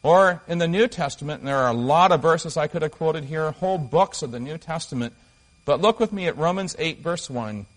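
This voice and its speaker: A man preaching a sermon, speaking earnestly and emphatically, with short pauses and restarts as he reads and explains scripture. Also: on the high side, low-quality recording. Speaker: pastor.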